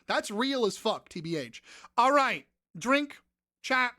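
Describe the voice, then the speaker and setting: A woman hosting a live-stream trivia game, excitable and profane, often breaking into shouts and squeals. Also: fairly high pitch, takes it slowly, no room sound, clean studio sound.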